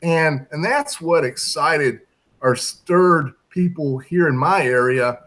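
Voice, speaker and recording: Reflective male guest, somewhat high voice. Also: animated, a bit bright. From Tennessee. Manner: reflective, halting with fillers. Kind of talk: casual chat.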